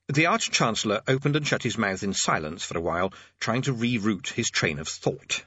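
A man narrating a story in a dry, wry manner, with a bright and lively voice. His tone carries a husky grain, and the recording is dry and slightly dull. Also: fairly low pitch, normal speed, hardly any pauses, no room sound. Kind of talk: audiobook narration.

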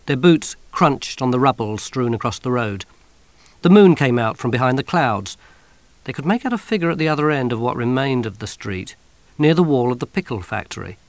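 A man narrating an audiobook in an expressive, wry storytelling manner on a close studio mic. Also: mid-range voice, moderate pace, dry recording.

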